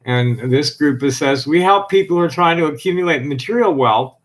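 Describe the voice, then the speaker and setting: Guy with a really high voice on a stream, reading stuff out in a steady list rhythm then rambling a bit. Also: brisk. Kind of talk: reading a text aloud and chatting on a live stream.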